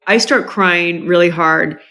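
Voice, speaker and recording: A woman's voice: on the low side, takes it slowly. Woman telling an emotional family story. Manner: animated, acts out quoted family members with a lifted voice; emotional, frank retelling with many restarts. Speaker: podcast guest. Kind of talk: personal storytelling in an interview.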